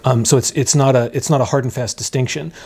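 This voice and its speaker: A man's voice: mid-range voice, fairly even intonation, fast talker, creaky, a little mellow, husky. A man who deals in rare books, explaining things in an interview in a hesitant way, full of fillers and restarts. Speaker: rare book dealer, guest. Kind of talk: conversational interview.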